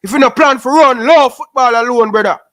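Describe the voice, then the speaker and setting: High-pitched Jamaican man, scolding rant. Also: a little fast, a bit bright. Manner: preachy, repetitive, scolding in patois. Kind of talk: impassioned rant.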